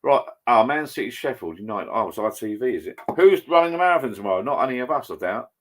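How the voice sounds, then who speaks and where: A man's voice: mid-range voice, lively intonation, fast talker. An older man hosting a casual livestream from his home bar, chatty and rambling, reading viewer comments aloud. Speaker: livestream host. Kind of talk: casual live chat.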